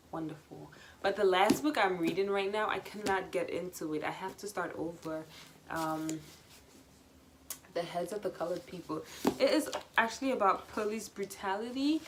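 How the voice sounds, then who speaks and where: A woman's voice: medium pitch, noisy background. A woman vlogger talking casually to camera, chatty and enthusiastic, with gushing emphasis.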